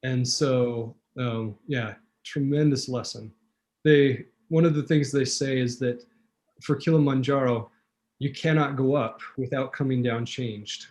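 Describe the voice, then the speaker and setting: A man's voice: mid-range voice, a little slow. A man telling a vivid personal story as a talk show guest, acting out quotes, with fillers and restarts. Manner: animated storyteller, acts out quotes.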